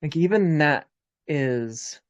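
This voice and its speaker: A man hosting a casual conversation, talking in a measured way and listening closely. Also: a little high, lively intonation, no room sound, muffled recording.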